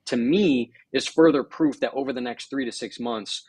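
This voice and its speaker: A man's voice: medium pitch, normal speed, a little mellow, husky, no echo. A man as an interview guest, explaining market data fluently and step by step. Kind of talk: casual interview commentary.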